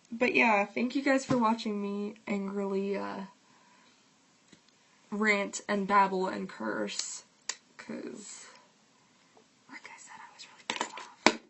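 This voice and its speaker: A woman's voice: mid-range voice, vocal fry, poor audio. A young woman vlogging, talking heatedly and casually with lots of "like" and swearing. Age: young adult. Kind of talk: casual vlog rant.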